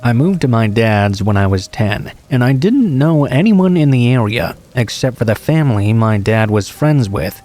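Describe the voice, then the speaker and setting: A man reads scary stories in a calm, even narrator's voice. His tone is dark and mellow, and a steady patter of rain runs behind him. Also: medium pitch, moderate pace, few pauses, soft background music. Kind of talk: scripted horror story narration.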